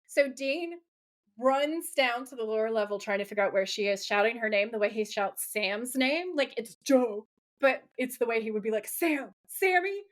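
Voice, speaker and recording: A woman co-hosting a podcast, gushing and excitable as she recaps a TV episode, swearing and laughing often. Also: fairly high pitch, normal speed. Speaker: podcast co-host. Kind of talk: casual episode recap chat.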